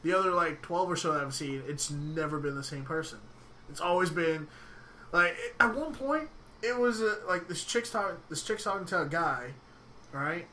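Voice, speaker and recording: High, bright-voiced man rambling on a podcast. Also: animated, slight background noise. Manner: rambling, lots of "like", quick to tease. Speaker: podcast co-host. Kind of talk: casual podcast chat.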